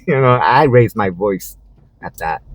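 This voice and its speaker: A man's voice: on the low side, lively intonation, unhurried, dry recording, low-quality recording. A man who drives rideshare, chatting while driving, rambling with lots of "you know" and restarts. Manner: acts out quotes in a raised voice. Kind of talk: casual storytelling while driving. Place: inside a moving car. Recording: faint car road noise.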